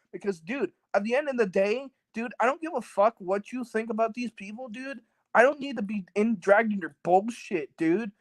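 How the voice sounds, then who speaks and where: A man's voice: high voice, normal speed, no room sound, poor audio. A man telling a story as a guest on a talk show, rambling and cursing, full of fillers, acting out what others said. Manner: rambling, profane, many fillers; acts out quoted people. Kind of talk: casual storytelling.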